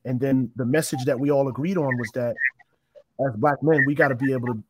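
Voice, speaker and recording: Against a noisy background, a man with a mid-range voice talks a little fast. He's a guest in an interview, reflecting casually on his own story, wandering as he goes and restarting his sentences a lot.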